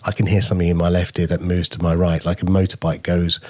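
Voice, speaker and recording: Deep-voiced chatty man. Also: level tone, quick pace, a little mellow. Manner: chatty, playful asides. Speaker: podcast news co-host. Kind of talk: casual chat.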